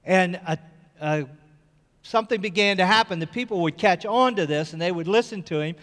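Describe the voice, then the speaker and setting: A man's voice: sits high, fairly quick, fairly bright tone, big-room sound. A man preaching a sermon as pastor, telling a story and building to fervent repeated cries.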